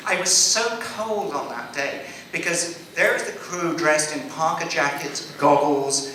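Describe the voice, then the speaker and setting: A man with a fairly high voice hosts a playful stage Q&A, theatrical and teasing with the crowd. He sounds distant from the mic. A big echoey convention hall and steady background noise surround him. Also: measured pace, hardly any pauses. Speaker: guest actor at convention panel. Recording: echoey hall from far off, noisy.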